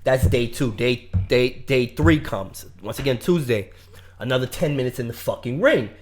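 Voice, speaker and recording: A young man spins a long, cursing story in casual podcast chat. His delivery is highly animated, with his pitch leaping around. He drops to low mutters and then bursts out loud. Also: moderate pace, a little hiss or hum. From Brooklyn, New York. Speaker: podcast co-host telling a story.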